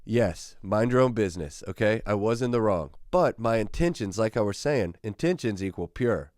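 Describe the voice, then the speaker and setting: A man's voice: lowish voice, animated, normal speed, a little mellow, dry recording, clean studio sound. A man hosting his own show, telling a rambling, self-mocking story that gets him worked up. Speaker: podcast host. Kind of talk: casual storytelling monologue.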